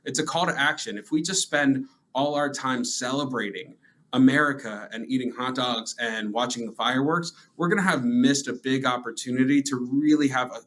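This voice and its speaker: A man speaking as a guest in an interview, earnest and steady, delivering points in a speech-like way. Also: medium pitch, normal speed, low-quality recording. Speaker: advocacy group guest. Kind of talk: conversational interview.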